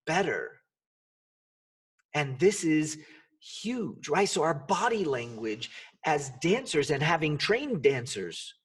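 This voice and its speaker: Man, motivational podcast host, emphatic, rhetorical, husky, bit distant from mic. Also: medium pitch. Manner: energetic, emphatic, rhetorical questions. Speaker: podcast host and dance coach.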